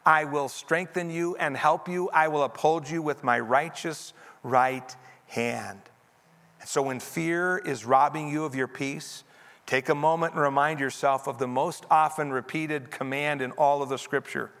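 A man preaching to his congregation in a church sanctuary, earnest and steady as he leads them through scripture. His voice is bright and slightly high. It rings out with the long reverb of a large hall. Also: a little slow. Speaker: pastor. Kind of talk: sermon.

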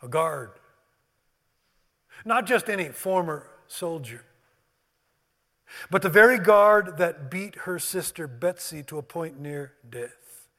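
A man preaching and leading communion, swinging from loud emphasis to hushed, near-whispered words. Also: a little high, lively intonation, slow pace, pauses often. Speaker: pastor. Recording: long hall reverb.

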